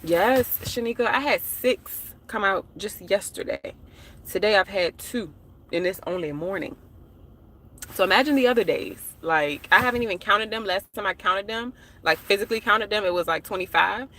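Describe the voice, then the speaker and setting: A chatty woman from the United States goes live from her parked car, her voice bright and forward. She talks straight to her viewers in loose, slangy asides. A phone mic catches her over a faint hum of traffic. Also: mid-range voice, moderate pace. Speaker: live-streaming vlogger. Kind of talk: casual live-stream chat.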